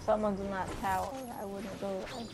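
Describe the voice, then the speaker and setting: A woman's voice: mid-range voice, little pitch movement, moderate pace, background noise. A woman who teases and laughs easily, chatting casually during a game. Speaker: co-player. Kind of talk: casual gaming chat. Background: game music.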